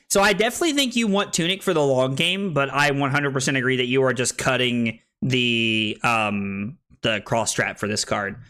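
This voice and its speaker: A man streaming a card game, chatting casually with his chat and thinking aloud about his plays. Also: mid-range voice. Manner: chatty, thinks aloud, excitable when winning. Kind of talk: casual gameplay commentary to chat.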